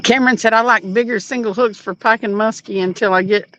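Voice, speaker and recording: A woman's voice: fairly high pitch, steady tone, fast, fairly bright tone, no room sound. A woman hosting a fishing livestream from a boat, chatting casually, giggling often and reading viewer comments aloud. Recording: dull muffled audio.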